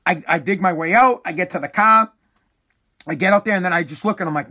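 A fed-up man, swearing freely as he rants through a long casual monologue. His voice sits notably high for a man, and his delivery is emphatic and exasperated. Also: fast talker, sharp tone. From New England. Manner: exasperated, profane, emphatic ranting.

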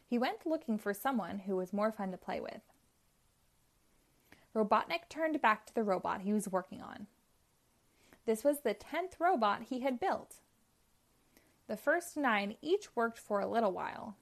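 Woman storyteller, children's chapter book, slow, expressive, high-ish voice.

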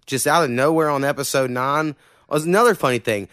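A man's voice: fairly high pitch, expressive, moderate pace, fairly bright tone, smooth, no room sound, clean studio sound. Casual man hosting a podcast. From Oklahoma. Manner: loose, profane, filler-heavy storytelling. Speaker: podcast host. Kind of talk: casual chat.

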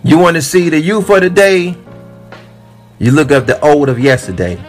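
A man's voice: fairly high pitch, very animated, normal speed, faint music behind. A man giving emphatic, sermon-like commentary on a video, repeating his points for his audience. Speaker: commentary vlogger. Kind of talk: preachy commentary.

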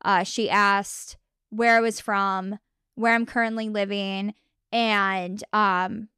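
A young woman casually retelling a story on a podcast, animated and laughing often as she acts out what people said. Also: mid-range voice, takes it slowly, clean tone, dry recording, clean studio sound. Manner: animated retelling with frequent laughs and acted quotes. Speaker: podcast host.

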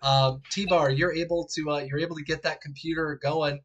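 A man narrating a tabletop game as game master in a relaxed, chatty way with frequent fillers. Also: a little high, moderate pace.

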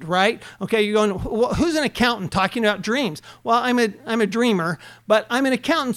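A very high-pitched, somewhat bright male voice belongs to an accountant hosting a podcast. He gives motivational talk, coaching earnestly and shooting off rhetorical question after rhetorical question.

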